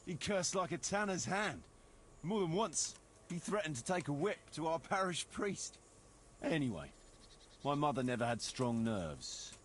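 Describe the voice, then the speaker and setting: An actor playing a bitter, blunt noble knight in a video game, speaking in a wry, sardonic way. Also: male voice, on the high side, sing-song, a little slow, fairly bright tone, a little hiss or hum.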